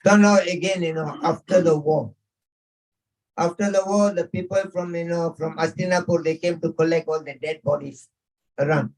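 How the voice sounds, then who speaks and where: A man's voice: on the high side, fairly even intonation, normal speed, darkish tone, low-quality recording. A man, a swami, retelling an old epic as a sermon at a home gathering, chuckling often, peppering his talk with "you know" and acting out the dialogue. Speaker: visiting swami. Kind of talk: sermon storytelling.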